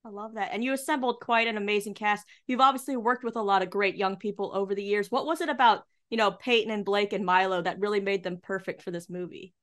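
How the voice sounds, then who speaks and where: A woman's voice: medium pitch, steady tone, fast, few pauses, a bit bright. A woman interviewing a guest, chatty and enthusiastic in a casual style.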